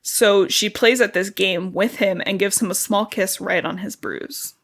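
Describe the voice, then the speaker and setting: A woman's voice: medium pitch, steady tone, unhurried. A woman co-hosting a book podcast, recapping the story in casual chat full of "like" fillers. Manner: chatty, peppered with "like" fillers. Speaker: podcast co-host.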